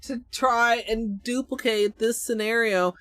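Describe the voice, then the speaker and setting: Woman streamer, higher voice, crude self-mocking banter, casual and rambling. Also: fairly even intonation, measured pace, background noise. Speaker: livestreamer. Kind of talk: casual livestream chat.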